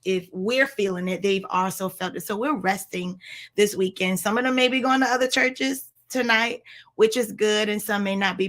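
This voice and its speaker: A woman in her thirties chatting casually to viewers on a livestream from home, pastor's wife with a loose, um-filled manner. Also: medium pitch. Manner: chatty, warm address to viewers, frequent ums. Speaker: women's ministry leader, pastor's wife.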